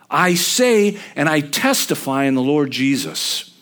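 A middle-aged man preaching a sermon in a conversational way, stressing words emphatically and rising in pitch to make a point. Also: very animated, measured pace, few pauses, fairly bright tone. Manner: emphatic, conversational with sudden rises.

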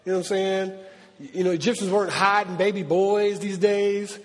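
A middle-aged man preaching a sermon in a lively, conversational way with slang. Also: high voice, normal speed. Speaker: pastor. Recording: long reverb of a large hall.

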